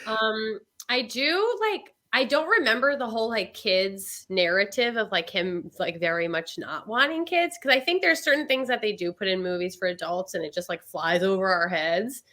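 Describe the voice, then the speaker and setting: A woman guest in a casual movie chat, animated and laughing as she tells her take. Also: mid-range voice, normal speed, few pauses. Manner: animated, laughs while telling stories.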